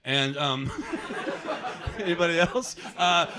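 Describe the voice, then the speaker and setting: A man's voice: fairly high pitch, expressive, takes it slowly, background noise. An American man performing a stand-up comedy set, talking conversationally to the crowd with self-deprecating asides. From United States. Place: comedy club stage.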